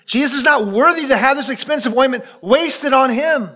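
A man preaching a sermon as pastor, emphatic and repetitive, sometimes dropping to a low, quiet voice for solemn points. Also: moderate pace. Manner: emphatic preaching, repeating phrases for weight.

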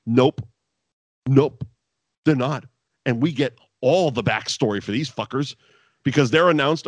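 A man's voice: normal speed, no echo. A man co-hosting a podcast, ranting in a profane, exasperated way about wrestling, wired on too much coffee. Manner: exasperated, sweary, ranting with sudden high outbursts. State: over-caffeinated. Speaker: podcast co-host reviewing wrestling. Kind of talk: casual profane rant.

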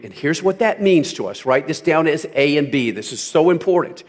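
High-pitched guy preaching a sermon, keeps repeating lines and punching them loud. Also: expressive, moderate pace, few pauses. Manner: preaching with emphatic repetition, rising to loud peaks. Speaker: pastor.

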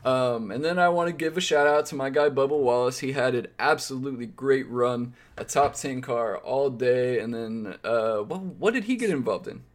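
A man's voice: medium pitch, normal speed, few pauses. A man co-hosting a casual sports podcast, rambling and wry, often correcting himself mid-sentence. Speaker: podcast co-host.

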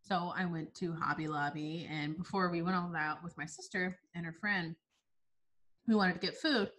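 A woman in her twenties chats casually with a friend, telling a comic story. She sounds animated and laughs often. Her voice is bright and forceful. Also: fairly low pitch, moderate pace. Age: 20s. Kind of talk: casual chat.

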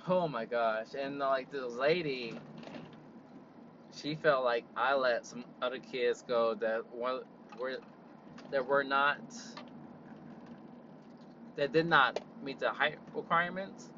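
A young man in a car, telling an exasperated, animated story as a casual vlog rant and leaning on "like" a lot. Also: medium pitch, slow, long pauses, muffled recording, a little hiss or hum. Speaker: vlogger.

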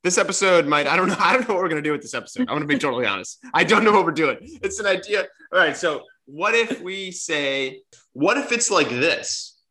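A man's voice: fairly high pitch, expressive, quick pace, sharp tone. A man hosting a casual podcast, brainstorming aloud with jokes and frequent restarts. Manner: joking, thinks aloud with restarts. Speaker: podcast host.

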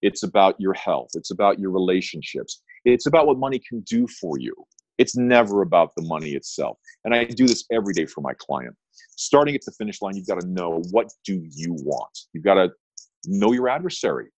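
A man's voice: low voice, big pitch swings, fairly quick, a little mellow, no echo, poor audio. A middle-aged man, an attorney talking as a guest in an interview, telling stories with emphatic, punchy repeated phrases. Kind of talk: interview storytelling.

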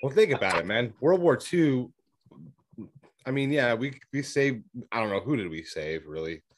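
A man's voice: medium pitch, expressive, normal speed, no echo. Young male comic co-hosting a podcast, crude and rambling, on a dry close mic. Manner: rambling, irreverent, jokey. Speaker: podcast co-host and stand-up comic. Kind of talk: casual crude banter.

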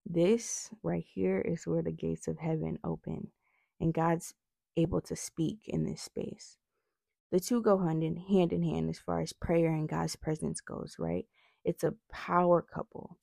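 A young woman, a faith vlogger, gives an earnest devotional talk on prayer, often checking in with "right?" Her retainers cause a slight lisp. Her voice is deep, gravelly and warm, a little slow with little pitch movement, and the recording has no echo.

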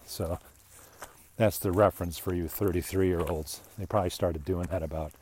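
An older man with a lowish voice giving a loose, rambling commentary monologue. He chuckles between points and often slips into mocking voices. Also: fairly even intonation, normal speed, a little mellow, slight background noise. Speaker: political commentator. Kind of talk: casual monologue.

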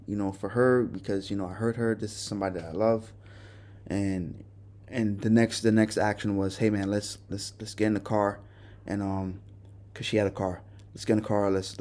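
A male podcast host telling a personal story in a halting, remorseful way, often restarting his sentences. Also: fairly low pitch, warm tone. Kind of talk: personal confession monologue.

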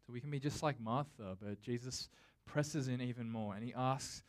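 Addressing his congregation directly, a pastor gives a sermon that sounds more like relaxed conversation than formal speechmaking, with fillers and restarts throughout. His voice is of middling pitch, and he moves at a moderate pace.

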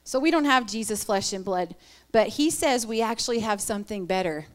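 A middle-aged woman giving an earnest, animated sermon talk with personal stories. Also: mid-range voice, fairly quick. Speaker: women's ministry speaker.

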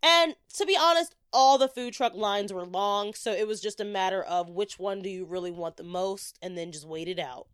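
A young woman hosting a podcast, casually telling an animated story and acting out the quotes. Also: normal speed, few pauses, clean tone, dry recording, studio quality. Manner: animated, acts out quotes with big pitch jumps.

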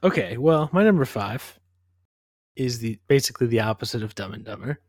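A man's voice: medium pitch, fairly quick, no echo, studio quality. A man co-hosting a casual movie podcast, talking loosely with lots of "like" and "kind of". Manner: relaxed, heavy use of "like" and "kind of". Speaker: podcast co-host.

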